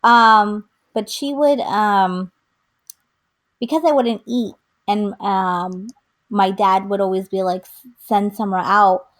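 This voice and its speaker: A woman's voice: mid-range voice, slow. A woman co-hosting a podcast in casual chat, telling stories with lots of fillers and acting out the quotes. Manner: animated storytelling, acts out quotes, many fillers. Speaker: podcast co-host.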